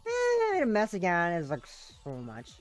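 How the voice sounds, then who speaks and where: In a lowish voice with wildly swooping pitch, a woman reads a game's text a little slowly over soft background music. Her character is a giddy, dreamy, clingy, obsessive girl who rambles breathlessly, valley-girl style, full of "like."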